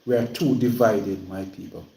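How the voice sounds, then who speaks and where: A Jamaican man talks straight to his livestream viewers in a plain, repetitive way. His voice rings around a roomy space with a clear echo. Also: fairly low pitch, fairly even intonation, moderate pace, warm tone. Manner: plain-spoken, repeats himself when stirred. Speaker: livestream host. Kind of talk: casual livestream talk.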